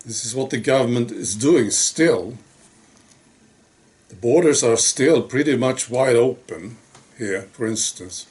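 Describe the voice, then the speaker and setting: A man's voice: medium pitch, expressive, measured pace, a little mellow. A man speaking in a casual monologue to camera. He is wry and exasperated, often tacking on rhetorical questions. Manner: rhetorical, frequently asking "right?". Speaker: video blogger.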